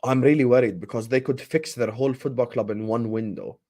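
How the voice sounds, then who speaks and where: A young man hosting a football transfer stream in casual live chat, animated and slangy, and he repeats his points. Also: medium pitch, a little fast.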